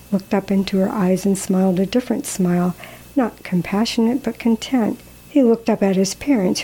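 Woman narrator, story reading, calm, measured, mellow warm tone. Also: mid-range voice, slightly rough, low-quality recording.

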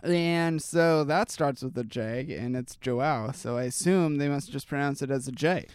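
A podcast co-host with a smooth, mid-range voice reacts to news stories at a measured pace in a casual chat. He's rambling and chatty, trailing off and restarting with lots of fillers, in studio-quality sound with no echo.

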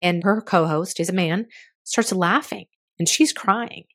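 A woman in her fifties talks alone into her podcast mic. Her voice sits a little low, and her delivery is candid and frustrated. She swears casually now and then. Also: normal speed. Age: 50s. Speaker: podcast host. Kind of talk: solo podcast monologue.

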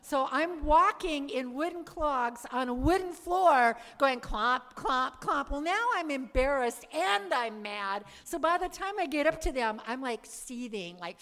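A woman giving a lively testimony talk to a live audience, acting out her own past lines and asking the crowd questions. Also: high-pitched, measured pace, few pauses. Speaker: speaker giving a conversion testimony. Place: church or meeting hall. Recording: long hall reverb.

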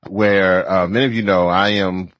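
A man's voice: low voice, steady tone, moderate pace, fairly bright tone, no room sound, highs cut off. A man from Louisiana co-hosting a talk show in a studio, rambling and joking with many restarts. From Louisiana, family from Trinidad. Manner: rambling, jokey, frequent restarts. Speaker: co-host. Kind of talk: casual talk show chat.

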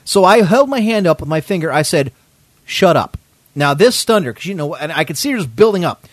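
A man's voice: on the high side, big pitch swings, fast talker, no room sound. A man hosting a podcast, telling a story in a casual, indignant way, swearing often. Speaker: podcast host.

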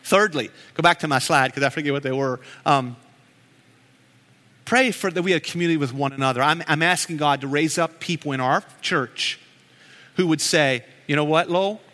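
Earnest high-voiced pastor in an echoey hall. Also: male voice, normal speed, pushed and bright. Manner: earnest, emotional, with storytelling asides. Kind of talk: sermon. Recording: echoey hall with long reverb.

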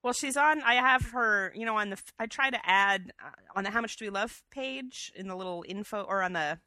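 Bright, chatty woman co-host. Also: mid-range voice, a little fast, no echo. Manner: chatty and enthusiastic, full of fillers. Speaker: podcast co-host. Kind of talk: casual chat.

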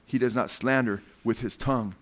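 A man's voice: mid-range voice, fairly even intonation, normal speed, fairly bright tone. A male preacher giving a fervent sermon. He keeps calling his listeners "man" and puts questions to the crowd.

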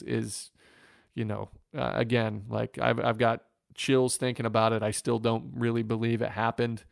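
Gravelly man telling an earnest story. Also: mid-range voice, no room sound, clean studio sound. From Northwest Ohio, USA. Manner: earnest, reflective, emotional storytelling. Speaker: former professional baseball pitcher, guest. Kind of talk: storytelling in an interview.

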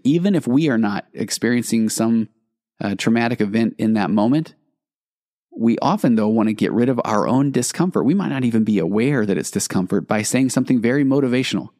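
A man's voice: medium pitch, fairly quick, darkish tone, no echo, clean studio sound. A man hosting a solo podcast, talking earnestly about parenting and acting out little dialogues with his kids, with self-deprecating asides. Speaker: podcast host. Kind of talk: reflective solo podcast talk.

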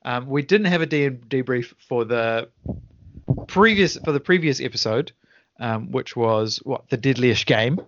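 A man running a relaxed podcast debrief for his tabletop group. He rambles, restarts his sentences and chuckles as he recalls old sessions. The sound is dry and a little dull. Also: medium pitch, measured pace, no room sound. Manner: rambling, self-correcting, chuckling. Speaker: game master and podcast host. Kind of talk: casual podcast debrief chat.

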